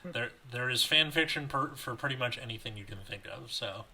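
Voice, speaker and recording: A man with a very bright, forward voice reads a story aloud on a podcast. He keeps a middle pitch and a loose, chatty delivery, tripping over a word now and then and correcting himself. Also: brisk, a little hiss or hum, rough recording. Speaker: podcast co-host reading fan fiction aloud. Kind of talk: casual chat and reading aloud.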